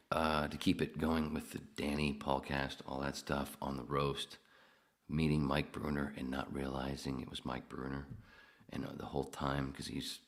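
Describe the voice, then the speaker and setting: A man's voice: rumbling low, fairly bright tone. A man hosting a podcast alone, rambling and swearing while he answers chat comments. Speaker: podcast host. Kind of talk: casual solo livestream chat.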